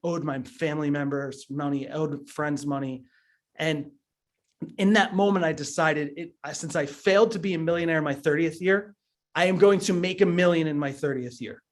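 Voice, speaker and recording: A man in his thirties giving an earnest motivational talk as a business trainer, telling his story with frequent stammered restarts. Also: a little high.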